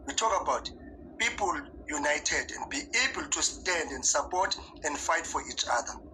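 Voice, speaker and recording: A man chairs a panel debate, his voice pitched a little high. He stumbles and repeats words while trying to calm the room. Clear background noise runs under his voice. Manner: halting, repeats words, placating. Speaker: panel moderator.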